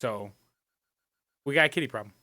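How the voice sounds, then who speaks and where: Bright-voiced joking podcast guy. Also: medium pitch, a little fast, no room sound. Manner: laughing, swearing, loose and joking. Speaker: podcast co-host. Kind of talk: casual chat.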